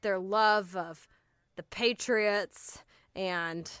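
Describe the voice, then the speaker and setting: A woman's voice: mid-range voice, fairly even intonation, clean tone, no room sound, studio quality. A woman co-hosting a podcast, chatting casually and joking about word history. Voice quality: bright, joking, quick to laugh. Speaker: podcast co-host. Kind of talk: casual comedic chat.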